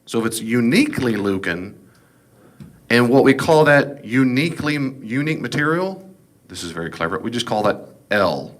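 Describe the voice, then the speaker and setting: A man's voice: mid-range voice, animated, normal speed. A man giving a casual, folksy Bible class lecture, with jokes and asides. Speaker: Bible teacher.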